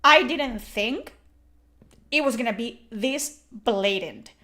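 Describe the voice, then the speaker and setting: Slow and fairly high-pitched, this Spanish-accented streamer from Spain, whose first language is Spanish, reacts to a game with animated, emphatic exasperation. She swears freely throughout.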